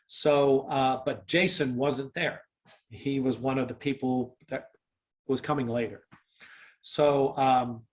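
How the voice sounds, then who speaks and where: A man from Canada, a former football player, telling a long story in an interview, with many fillers and restarts and acted-out dialogue. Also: mid-range voice. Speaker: former football kicker, guest.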